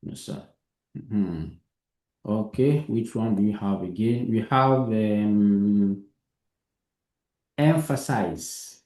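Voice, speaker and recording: A man's voice: fairly low pitch, extremely slow, pauses often, mellow, reverberant. A man teaching a live coding lesson, patient, who keeps asking if his student understands. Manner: patient, repeats himself and checks understanding.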